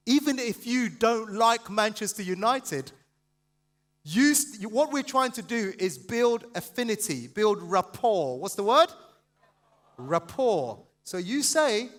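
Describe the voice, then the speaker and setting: A man giving a passionate, fast sales seminar and quizzing the audience. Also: high-pitched, sing-song, a bit bright. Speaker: sales trainer speaking at a seminar. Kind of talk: live motivational seminar talk.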